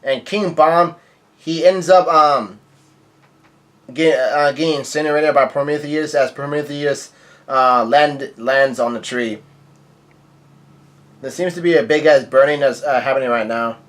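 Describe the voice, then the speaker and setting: Male comic reviewer, rambling casual recap, fairly high voice. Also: measured pace, pauses often. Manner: rambling, many fillers and restarts. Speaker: manga reviewer.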